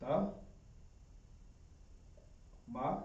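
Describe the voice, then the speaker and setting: Male instructor, fairly high voice, patient stepwise explanations, recorded from across an echoey classroom. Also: expressive, drawn-out words, a little mellow. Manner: explains step by step, often asks "understand?". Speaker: teacher of a Hebrew class. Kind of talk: classroom teaching at a whiteboard. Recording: echoey room, distant dull sound.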